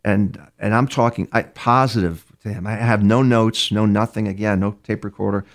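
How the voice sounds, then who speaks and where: With a steady tone at a moderate pace, this low-voiced New York man recounts cases from his work as a criminal profiler during an interview. His speech is full of restarts and repeated words, and he performs other speakers' lines as he goes.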